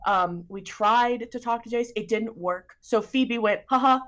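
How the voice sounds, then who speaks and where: A woman recapping a tabletop game session in a fast, chatty, giggly way. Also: a little high, fairly bright tone.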